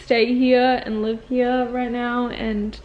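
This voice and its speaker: A woman's voice: fairly high pitch, flat delivery, slow pace, highs cut off, a little hiss or hum. Chatty young woman vlogger, rambling. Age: 20s. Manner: chatty and rambling, full of "like" fillers. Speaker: vlogger and acting student. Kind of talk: casual confessional vlog talk.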